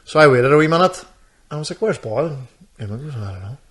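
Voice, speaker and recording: A man's voice: medium pitch, lively intonation, fast talker. A man, co-hosting a podcast and telling a rambling story, acting out what people said. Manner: rambling storyteller, acts out quoted dialogue. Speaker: podcast co-host. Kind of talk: casual chat.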